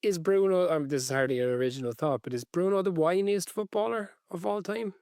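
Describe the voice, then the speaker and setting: A man's voice: high-pitched, a little fast, a little mellow, clear, resonant tone, no echo, clean studio sound. An Irish man co-hosting a football podcast, chatting in a wry, hesitant way. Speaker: podcast co-host. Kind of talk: casual chat.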